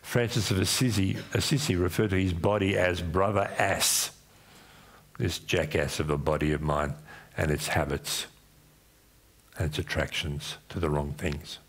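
In a husky voice with fairly even intonation and a measured pace, an Australian-accented man gives a sermon as a church pastor. Even so, his pitch swings up and down when he acts out voices in his retold stories.

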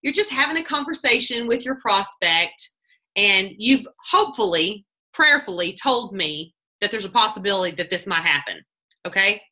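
Casting note: bright, lively woman telling stories during a team pep talk on a video call. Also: mid-range voice, moderate pace. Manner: chatty, animated, acts out quotes, laughs often. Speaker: team leader giving a sales training talk.

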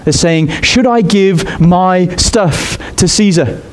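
A man preaching a sermon in an expressive way. He climbs high in pitch on his emphatic points. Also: slow.

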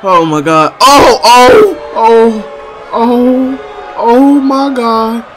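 A young man commentating a wrestling video game with loud exclamations and slangy, excitable talk, his voice going squeaky. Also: extremely slow, over music, a crowd in the background, low-quality recording.

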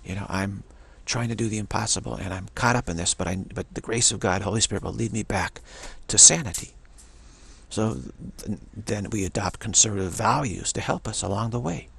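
A man's voice: lowish voice, a little fast, vocal fry, a bit bright, slightly rough. A man giving a casual religious monologue, rambling and often repeating words and restarting sentences. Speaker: religious commentator.

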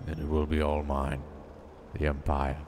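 A man's voice: rumbling low, completely flat delivery, moderate pace, background noise. A man streaming a role-play game, chatting casually with laid-back jokes. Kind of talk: casual gaming chat.

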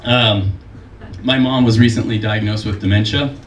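A stand-up comedian in his forties performs a set on a comedy club stage at a moderate pace, deadpan and self-deprecating, switching to high put-on voices when quoting people. The mic is distant and the room sounds roomy, with the live crowd audible.

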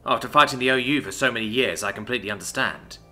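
Nervous male reptile ship captain, hesitant and formal, bright forceful tone, read by a man. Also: medium pitch, fast talker, soft background music. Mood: subdued.

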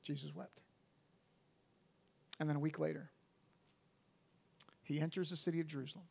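High-voiced pastor preaching with dramatic swings. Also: male voice, quick pace, gravelly. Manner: animated, swings from hushed to loud emphatic peaks; repeats words as he restarts. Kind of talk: sermon. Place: church sanctuary at a live service.

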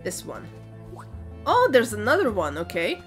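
A woman's voice: mid-range voice, huge pitch swings, unhurried, faint music behind. A woman commenting as she plays a video game, hesitant and thinking aloud, often correcting herself. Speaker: gaming video creator. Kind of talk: let's play commentary.

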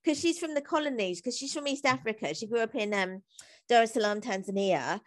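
A woman with a fairly high voice chats as a podcast guest. She talks in a loose, animated way, packing her sentences with "like", and breaks into laughter often. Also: a little fast. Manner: chatty and animated, laughs often, many "like" fillers. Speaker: guest, comedy writer and singer. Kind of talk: casual interview conversation.

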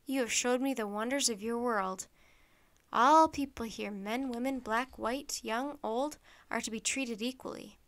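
A woman reads as a wise elderly statesman from a storybook, speaking in an earnest, formal way. The voice sits fairly high for the part and carries a gentle, measured tone.

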